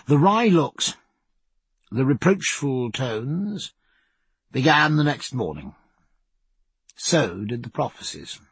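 Man reading an audiobook, husky gravelly voice, dry close mic, takes his time. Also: medium pitch, no room sound. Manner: measured storytelling with lively, varied intonation. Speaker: narrator. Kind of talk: audiobook narration.

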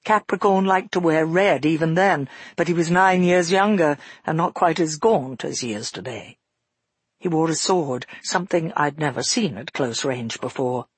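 A man voicing a father who tells his daughter a frightening past event in a measured, earnest first-person telling. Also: on the high side, husky, dry recording. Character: grown father recounting a frightening past, shaken. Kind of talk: audiobook narration.

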